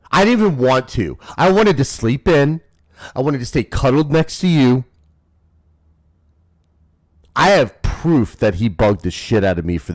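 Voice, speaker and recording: Hosting a live stream, a thirtysomething man chats casually with his viewers, teasing them in a rowdy, foul-mouthed way. He keeps swinging between loud shouting and low mumbling.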